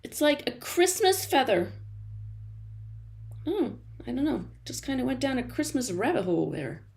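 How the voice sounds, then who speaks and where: A woman's voice: sits high, big pitch swings, moderate pace, creaky, darkish tone. A woman running a live-stream art journaling class from a studio, chatty and encouraging, laughing often and answering viewer comments as she works. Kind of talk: live-stream crafting demo.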